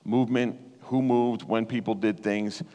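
A man's voice: on the low side, fairly even intonation, unhurried, dark tone. A man preaching a sermon and sharing a personal testimony in an earnest, conversational way that turns emotional. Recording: reverberant hall.

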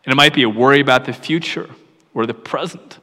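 A middle-aged man preaches and tells a personal story, his voice bright and forceful. At times he sinks to a hushed near-whisper. The sound rings with the long reverb of a large hall. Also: medium pitch, quick pace. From York, Pennsylvania, USA.

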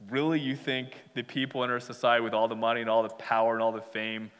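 A man's voice: medium pitch, level tone, quick pace, a bit bright, smooth, big-room sound, voice pushed down, lightly acted. A man voicing a sarcastic ancient apostle who scoffs with incredulous questions.

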